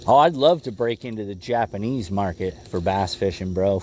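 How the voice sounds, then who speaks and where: A man's voice: lowish voice, expressive, normal speed, dark tone, a little hiss or hum. A man hosting a casual fishing livestream from a boat, laid-back and calling viewers "bro" and "bud.". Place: outdoors on a boat on a lake.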